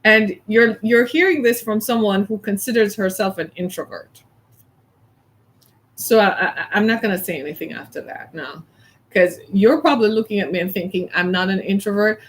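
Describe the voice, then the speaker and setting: A middle-aged woman from the American South, chatting casually as a host, animated and laughing often as she plays out little scenes. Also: mid-range voice, normal speed. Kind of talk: casual chat.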